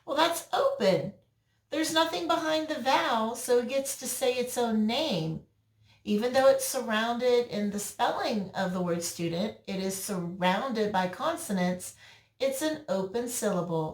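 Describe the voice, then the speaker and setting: Slow, patient woman teaching phonics. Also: medium pitch. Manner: slow, patient, stretches out words for young learners. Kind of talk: recorded phonics lesson for children. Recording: roomy echo, mic at a distance.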